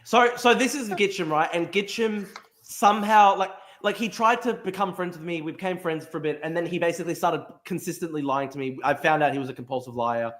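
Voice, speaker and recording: A young Australian man hosting a podcast, telling a story in casual chat with lots of restarts and swearing. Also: a little high. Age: young adult. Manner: rapid, animated, with frequent restarts and swearing. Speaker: podcast host.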